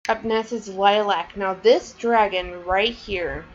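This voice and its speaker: Slow-talking, rambling young woman vlogger. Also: medium pitch, highs cut off, slight background noise. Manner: chatty, rambling, many fillers. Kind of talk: casual show-and-tell.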